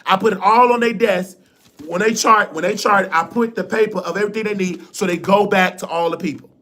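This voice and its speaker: A man hosting a live stream show, telling a personal story in an animated, colloquial and emotional way. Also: high-pitched, brisk. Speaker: livestream show host.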